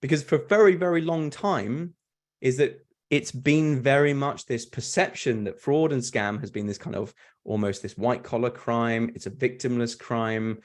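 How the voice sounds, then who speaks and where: A man, a fraud prevention speaker, explaining in an earnest, animated way on a video call, often restarting and repeating words. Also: medium pitch, moderate pace. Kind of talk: webinar fireside chat.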